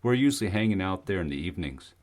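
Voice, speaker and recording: A man's voice: deep voice, animated, fast, a little mellow. A man voicing a friendly male climber with a British accent, lighthearted and easygoing.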